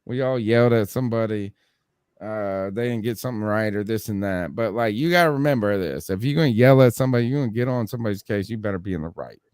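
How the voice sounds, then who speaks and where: A man hosting a sports podcast in casual chat, telling stories with lively acted-out quotes and frequent laughs. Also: lowish voice, quick pace, clean tone, no room sound, studio quality. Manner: animated storyteller, acts out quotes, laughs often. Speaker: podcast host.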